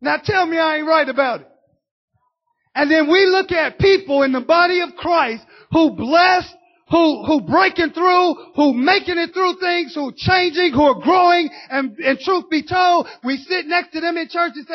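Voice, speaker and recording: A woman preaching a sermon, impassioned and teasing her congregation, rising to shouts. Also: very high-pitched, normal speed. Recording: dull lo-fi recording.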